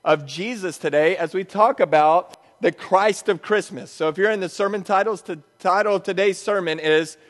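Pastor guy, highish voice, chatty sermon with jokes, big echoey church. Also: normal speed, few pauses. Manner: conversational with joking asides. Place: church sanctuary.

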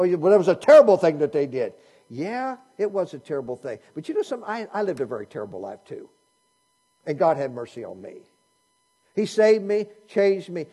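Husky, mellow-voiced preaching man. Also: medium pitch. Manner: conversational preaching with rhetorical questions. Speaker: pastor. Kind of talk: sermon.

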